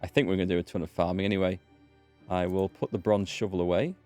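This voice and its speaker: A man's voice: low voice, fairly even intonation, fast, dark tone, soft background music. A man chatting casually with wry asides while playing a video game as a let's play host. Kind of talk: casual gameplay commentary.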